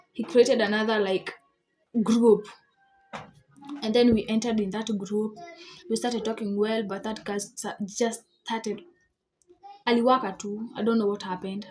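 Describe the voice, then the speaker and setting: A woman's voice: medium pitch, fairly even intonation, measured pace, long pauses, a little mellow, a little hiss or hum. A young girl telling a storytime vlog, retelling an argument indignantly, full of "I was like". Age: child. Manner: chatty, indignant retelling with many "I was like" quotes. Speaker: vlogger.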